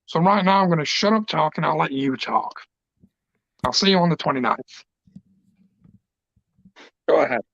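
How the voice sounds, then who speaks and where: A man's voice: on the high side, lively intonation, normal speed, creaky, pauses often, fairly bright tone, dry recording. A man, a pro wrestler cutting an emotional, passionate, rambling promo. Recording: dull lo-fi dry recording.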